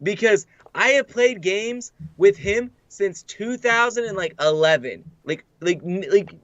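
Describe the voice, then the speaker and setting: A young man with a high-pitched voice co-hosts a relaxed podcast chat, rattling off stories with heaps of "like" fillers. The sound is dry and close, with a slightly dull, lo-fi mic. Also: measured pace, dry recording. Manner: animated storyteller, heavy "like" fillers. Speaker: podcast co-host.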